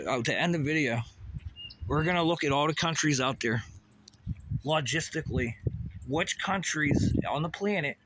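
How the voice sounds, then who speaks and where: There's a little hiss or hum under this mid-range, somewhat bright male voice. The vlogger rants to camera about a conspiracy, heated and profane, throwing out one rhetorical question after another.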